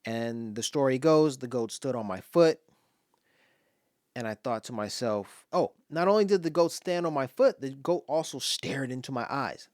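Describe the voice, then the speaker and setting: A man from Los Angeles talks casually through the stories behind his poem, slipping into voiced asides and now and then dropping to a whisper. His voice sits at an everyday middle pitch. The sound is dry and close, with no room echo. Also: normal speed, a little mellow. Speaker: poet commenting on his own poem. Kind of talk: casual spoken commentary and poetry reading.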